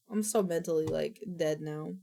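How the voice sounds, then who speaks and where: A woman's voice: sits low, takes it slowly, vocal fry, mellow. A woman streamer chatting casually on a live stream, rambling and frustrated, sometimes slipping into goofy baby talk.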